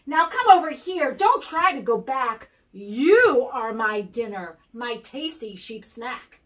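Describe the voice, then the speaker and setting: A woman's voice: a little high, big pitch swings, slow pace, a bit bright, full character voice. A woman voicing a sly, hungry male wolf from a children's storybook, gloating in a sing-song way.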